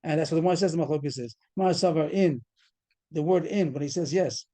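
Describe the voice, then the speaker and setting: Over a video call, a man with a higher-pitched, warm voice teaches a Talmud class at a brisk clip. He walks through a case step by step and quizzes his students in this fast-moving study lecture.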